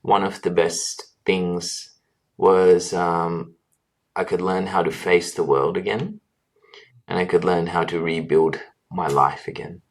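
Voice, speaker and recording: Deep-voiced earnest man reflecting. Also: fairly even intonation. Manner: earnest, halting with restarts and fillers. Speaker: guest, doctor. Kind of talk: reflective interview answers.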